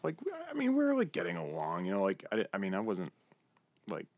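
Young man, podcast co-host, rambling, crude jokes, lively pitch. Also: fast, no room sound. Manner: rambling, swears a lot, puts on silly voices. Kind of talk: crude casual chat.

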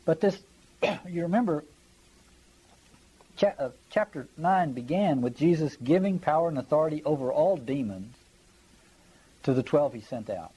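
A man teaches scripture in a relaxed lecture, his voice dark and warm. A breathy, husky edge runs under his words as he presses his points and keeps asking whether the listeners follow. He reads passages aloud as part of the talk. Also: fairly high pitch, normal speed, pauses often, poor audio. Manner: conversational, emphatic, checks in with listeners. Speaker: Bible teacher. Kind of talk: Bible study lecture.

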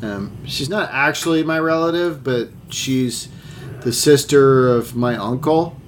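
A man's voice: medium pitch, a little slow, slight background noise. A man co-hosting a casual podcast, rambling with many restarts and swearing freely. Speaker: podcast co-host.

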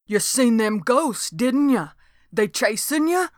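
Woman doing an excitable rural old man. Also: on the high side, slow, no room sound, studio quality, voice pushed up. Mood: eager.

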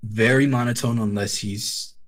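A man's voice: medium pitch, steady tone, moderate pace, slight background noise. Man, casual recap chat, profane, laughing, acts out quotes. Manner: swearing, laughing, acting out quotes. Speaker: podcast co-host.

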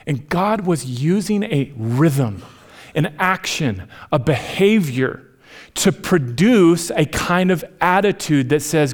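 A man, preaching a sermon as pastor, animated in his storytelling and dropping to near whispers for emphasis. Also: on the high side, slow.

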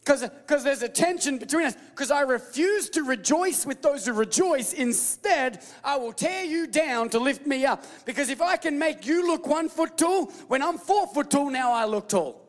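High-voiced man preaching in a reverberant hall. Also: moderate pace, few pauses. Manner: animated, playful preaching with call-and-response and mock voices. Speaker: pastor. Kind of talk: sermon.

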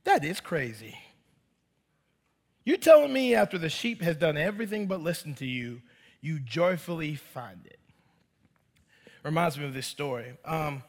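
Animated preacher man in a reverberant hall. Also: fairly high pitch. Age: 30s. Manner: animated storytelling with quoted voices, addresses congregation as y'all. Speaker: pastor. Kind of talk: sermon. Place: church.

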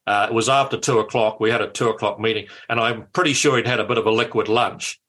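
An older man, a former politician telling anecdotes in a lively way, with frequent restarts. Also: on the low side, fast talker. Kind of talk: anecdotal storytelling.

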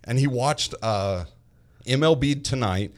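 A man who is a parent and youth baseball coach, telling stories in a casual chat, animated and repeating his words as he acts out quotes. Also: mid-range voice, unhurried.

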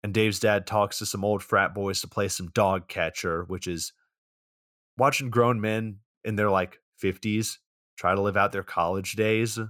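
A man's voice: fairly low pitch, steady tone, measured pace, fairly bright tone, no room sound, studio quality. A young man casually recapping a movie's plot on a podcast, rambling along with plenty of fillers. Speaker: podcast co-host.

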